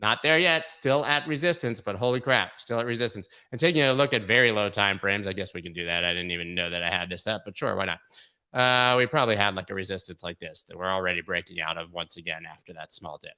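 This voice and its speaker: A man hosting a crypto market show, giving brash, joking, excitable live commentary on price charts. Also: deep voice, quick pace, clear, resonant tone.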